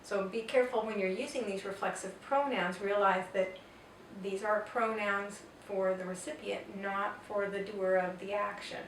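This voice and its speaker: A woman's voice: medium pitch, steady tone, normal speed. Woman teaching Spanish grammar, echoey room. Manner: patient, explains step by step with examples. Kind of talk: explaining grammar lesson. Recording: roomy echo, distant mic, faint noise.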